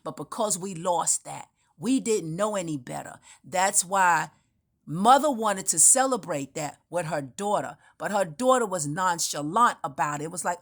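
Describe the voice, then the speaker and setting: With a lowish, slightly bright voice, a woman speaks animatedly at a moderate pace in an improvised spiritual monologue. Her story wanders and is told emphatically, with frequent restarts.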